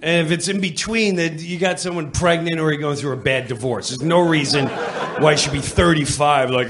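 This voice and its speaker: A middle-aged man from New York telling a stand-up story on stage, animated and quick to slip into voices. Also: fairly high pitch, a little hiss or hum. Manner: animated, jumps into voices, laughing asides. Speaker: comedian. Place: comedy club stage.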